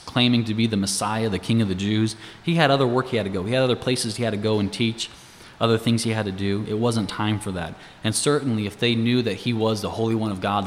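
A man's voice: fairly low pitch, in a large hall, a little hiss or hum. A man giving a casual, conversational Bible teaching, explaining verses, asking rhetorical questions and chuckling between points.

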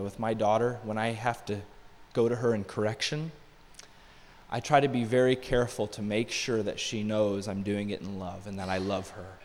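A middle-aged male pastor preaching a sermon in a church, in a conversational way, with asides and rhetorical questions. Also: fairly low pitch. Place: church sanctuary. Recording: long hall reverb.

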